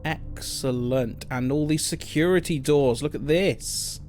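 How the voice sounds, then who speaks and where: A man's voice: a little high, unhurried, darkish tone, faint music behind. A man streaming a video game, thinking aloud in casual, muttered commentary.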